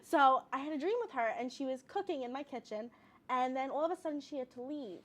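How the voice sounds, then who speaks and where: A young woman chatting in an interview as a guest, an animated storyteller. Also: high voice, fast talker. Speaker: guest, cooking show host. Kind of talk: casual interview chat.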